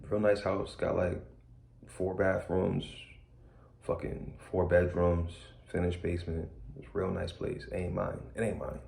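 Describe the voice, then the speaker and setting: Gravelly, low-voiced man talking bluntly. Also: flat delivery, measured pace, a little mellow. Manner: blunt, streetwise, repeats key phrases. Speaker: speaker sharing his story. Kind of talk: candid personal talk. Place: indoors, a room in a borrowed house.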